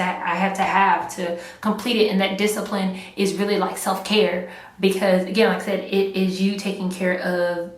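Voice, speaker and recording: A woman's voice: medium pitch, fairly bright tone. A woman chatting casually while doing her makeup, rambling and filling her talk with "like" and "right.". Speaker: beauty vlogger. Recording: echoey room, mic at a distance.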